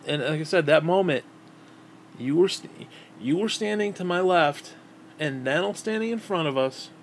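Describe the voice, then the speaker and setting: A man's voice: on the high side, animated, normal speed, a little hiss or hum. Rambling, cursing man in his thirties. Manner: profane, rambling, repeats and restarts words. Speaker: vlogger. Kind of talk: casual storytelling.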